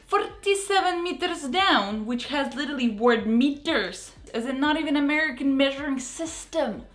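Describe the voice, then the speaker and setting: Young female vlogger, Russian accent, high pitch, playful and animated; echoey room, faint music bed. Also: normal speed. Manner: animated, playful, exaggerated emphasis. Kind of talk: casual vlog commentary.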